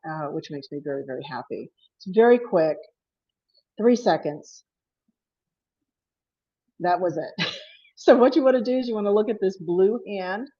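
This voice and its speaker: A woman's voice: lowish voice, lo-fi sound. A woman presenting her paranormal investigations at an online panel, chatty and apologetic, laughing often. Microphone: video call.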